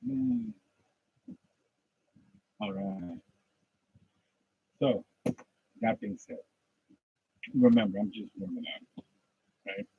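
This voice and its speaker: A man practicing a podcast monologue, ranting passionately like a preacher and then dropping to low muttering, recorded at home. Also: wildly swooping pitch, very slow, creaky, long pauses, slightly rough, narrow, tinny audio. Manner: impassioned preachy rant, swings from loud to low muttering. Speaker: aspiring podcaster.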